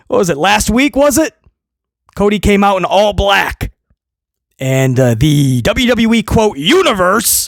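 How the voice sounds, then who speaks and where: A man hosting a wrestling review, ranting sarcastically and swinging between loud mocking outbursts and low muttering. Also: dry recording, clean studio sound. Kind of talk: opinionated review rant.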